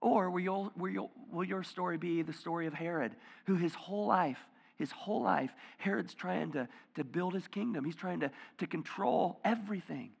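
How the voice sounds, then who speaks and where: A male pastor giving a conversational sermon, dropping to hushed near-whispers and rising to loud emphatic bursts. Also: sits high, moderate pace, gravelly, few pauses, breathy edge, big-room sound. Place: church auditorium.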